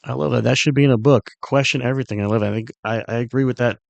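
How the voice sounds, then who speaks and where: A man hosting a casual podcast who talks fast and heaps quick praise on his guest. His voice sits at a middle pitch, recorded dry and close. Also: fairly even intonation, vocal fry, no echo, highs cut off. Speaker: podcast host.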